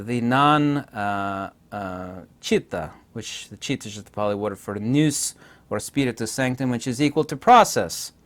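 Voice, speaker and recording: A man delivers an unscripted philosophy lecture in a mid-range voice. He is emphatic and insistent, repeating his points and pausing on frequent hesitations.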